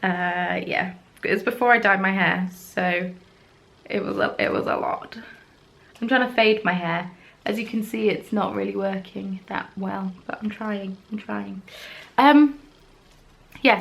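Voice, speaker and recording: Chatty woman with vocal fry. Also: mid-range voice, fairly bright tone. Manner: rambling, chatty, self-deprecating, many ums. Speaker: craft vlogger. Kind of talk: casual chat to camera. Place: at home, indoors.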